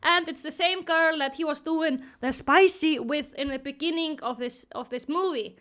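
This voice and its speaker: A woman with a very high voice riffs through a movie's scenes in casual commentary. She sounds bright and crisp, retelling everything with giggly, exaggerated disbelief. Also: moderate pace. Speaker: commentary youtuber.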